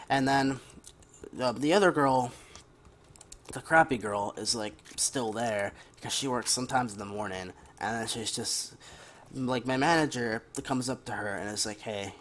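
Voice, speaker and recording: Tired male gaming commentator, rambly casual storyteller, mid-pitched voice. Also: fairly bright tone, a little hiss or hum. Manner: rambling, chatty, with off-hand gaming asides. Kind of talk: casual storytelling over gameplay.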